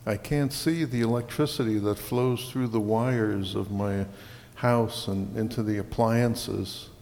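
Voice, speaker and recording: Male pastor, unhurried sermon delivery, long church reverb, faint hum behind. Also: fairly low pitch, fairly even intonation, vocal fry, darkish tone. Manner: slow and deliberate, stirring bursts on key words.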